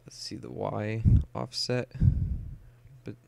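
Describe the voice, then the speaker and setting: A young man walks through photo editing software in a relaxed tutorial. His voice sits fairly low and has a gravelly fry. He explains each step plainly and fills his pauses with "uh" and "um". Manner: casual, many "uh" and "um", explains step by step. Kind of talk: screen-recorded software tutorial.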